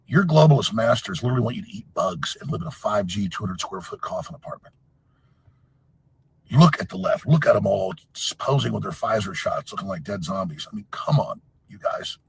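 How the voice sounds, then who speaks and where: Caricature: a man putting on a low, gravelly, husky partisan crank muttering a fast conspiracy rant. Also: lively intonation, exaggerated voice, poor audio. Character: gravelly conspiracy-minded male partisan ranting.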